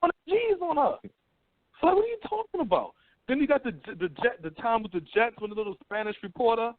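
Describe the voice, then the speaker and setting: A man hosting a call-in radio show in casual talk, animated and profane, often mimicking others in mocking voices. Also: very high-pitched, a little fast, no echo. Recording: tinny phone-line radio audio.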